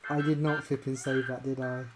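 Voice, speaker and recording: Very low-voiced woman rambling while gaming. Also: level tone, fairly quick, over music, poor audio. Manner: rambling and chatty, with sudden loud exclamations. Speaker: VTuber game streamer. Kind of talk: casual live-stream chat while gaming.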